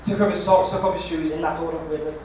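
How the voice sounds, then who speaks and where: A young-sounding man with a high voice races through a rambling stand-up story, tripping over his own words as he goes. He is miked from a distance in a very echoey club. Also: very fast, slight background noise. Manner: rambling deadpan storytelling with stammered restarts. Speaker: stand-up comedian. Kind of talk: stand-up set. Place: comedy club stage.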